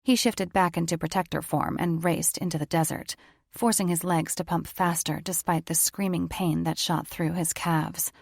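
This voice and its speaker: A woman narrating a romance audiobook in an even, measured storytelling voice. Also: on the low side, vocal fry, dry recording, studio quality.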